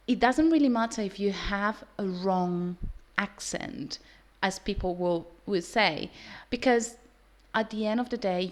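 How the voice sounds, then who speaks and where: A woman, not a native English speaker, teaching English in a casual, earnest vlog to her students. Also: mid-range voice. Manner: earnest, with some restarts.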